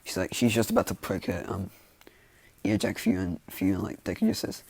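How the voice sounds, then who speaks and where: Indoors while rain falls outside, a young man with a gravelly, low, darkish voice improvises casual fan-fiction, rambling along with plenty of "like" and "you know." He talks a little fast, and the recording sounds dry.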